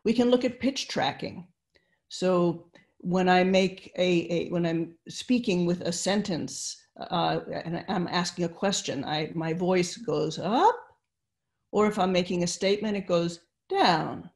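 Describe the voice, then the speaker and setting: Older woman, unhurried lecturer on a video call, patient and explanatory. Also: on the low side, lively intonation, darkish tone. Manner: slow, explanatory, with fillers and restarts. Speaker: neuroscience lecturer. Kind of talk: online webinar lecture. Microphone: computer mic on video call.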